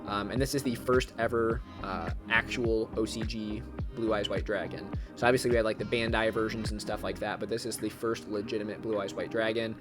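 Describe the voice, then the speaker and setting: A man vlogging casually about graded trading cards, talking fast and chatty and breaking into excited shouts. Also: on the low side, over music. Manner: excitable, bursts into loud shouting at good pulls. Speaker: card collecting YouTuber. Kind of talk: casual unboxing vlog.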